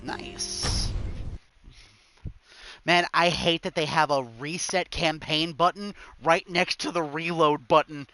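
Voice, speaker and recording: A man's voice: a little high, fairly even intonation, slow pace, pushed and bright. A man casually chatting and reading game text during a let's-play, over game music. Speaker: game streamer.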